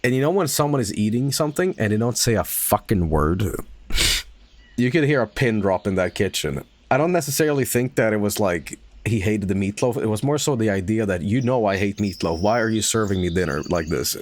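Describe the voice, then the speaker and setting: A man's voice: lowish voice, lively intonation, a little fast. A young man streaming a game and chatting casually, telling rambling stories with stammers and swearing. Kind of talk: casual livestream chat while gaming.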